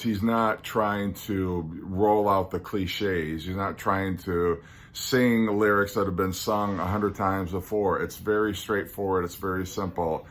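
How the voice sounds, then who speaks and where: In a deep, slightly bright voice, the host of a casual solo podcast muses through a countdown list. He sounds earnest and hesitant, packing in ums and restarts.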